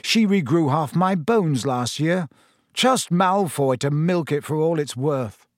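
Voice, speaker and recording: A man's voice: on the high side, animated, slow pace, no echo, studio quality. A man voicing a determined teenage schoolboy who speaks firmly and pointedly. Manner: pointed, firm.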